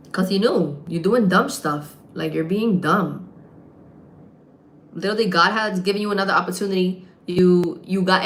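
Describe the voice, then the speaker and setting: Woman streamer ranting thru a story, swears a lot, does the voices, roomy echo. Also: mid-range voice. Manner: animated, swearing storyteller who acts out voices. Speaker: livestreamer and gym content creator. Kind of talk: casual livestream story time. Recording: echoey room.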